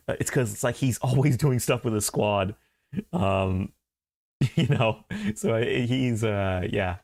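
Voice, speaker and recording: Excitable, rambling young-sounding male streamer. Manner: rambling and excitable, laughing often, voice jumping high when thrilled. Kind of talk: casual live-stream chat.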